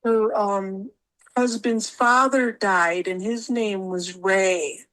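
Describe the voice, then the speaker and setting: A woman's voice: medium pitch, steady tone, slow pace, fairly bright tone, rough recording. A woman guest telling her stories in a casual interview, rambling and repeating words as she acts out what she said.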